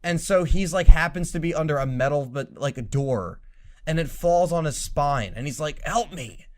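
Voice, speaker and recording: A young man co-hosting a casual podcast, talking in an animated, profane way and mocking lines as he retells scenes. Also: a little high, normal speed. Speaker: podcast co-host.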